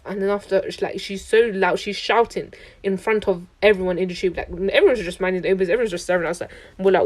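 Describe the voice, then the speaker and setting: A young woman tells a travel story straight to camera. She sounds chatty and indignant, and her sentences are full of "like". Her pitch sits in the middle range. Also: steady tone, fast talker. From London, England. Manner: chatty, indignant, heavy use of "like". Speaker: traveller recounting a trip.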